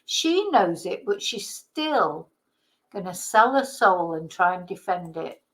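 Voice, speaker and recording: A woman's voice: lowish voice, very animated, takes it slowly, fairly bright tone, poor audio. A woman from Britain, a vlogger, delivering an indignant, heated political rant with some swearing.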